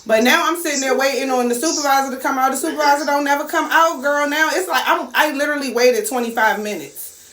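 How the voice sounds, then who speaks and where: A woman telling a casual story, acting out the voices of people in it with big swings in pitch. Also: quick pace. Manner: animated, acts out quotes with big pitch swings. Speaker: storyteller host. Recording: echoey room with faint noise.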